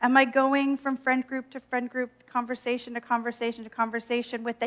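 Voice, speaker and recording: A woman minister preaching a gentle, reflective sermon with playful self-mocking asides. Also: on the high side, completely flat delivery, fairly quick.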